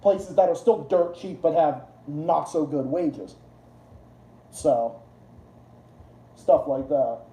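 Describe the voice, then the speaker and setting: A man hosts a live game stream, ranting casually in a loose, profane ramble full of restarts and repeats, speaking slowly with long pauses. His dark, mellow voice is excitable, leaping sharply high in pitch when he's worked up. The sound is roomy and echoey.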